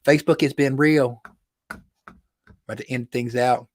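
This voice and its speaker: A man's voice: mid-range voice, steady tone, a little slow, no echo. A man hosting his own weekly livestream from his studio, chatting casually, joking and laughing often. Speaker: livestream host. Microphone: phone or computer livestream.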